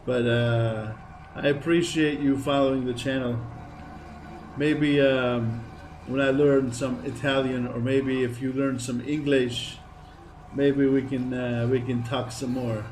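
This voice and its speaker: A man's voice: mid-range voice, little pitch movement, slow, darkish tone, slight background noise, low-quality recording. A tired man chatting to viewers while streaming a game, repeating phrases as he talks. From Greece. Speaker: gaming streamer. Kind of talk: casual live gameplay chat.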